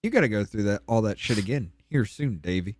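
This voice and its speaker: A man in casual podcast chat, relaxed and wry, teasing the others. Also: lowish voice, quick pace, no room sound, studio quality.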